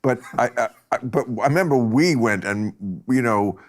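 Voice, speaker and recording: A middle-aged man hosting a casual chat over drinks, wry and quick to laugh. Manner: wry, laughs often, lively pitch. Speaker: host. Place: studio set. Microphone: lapel mic.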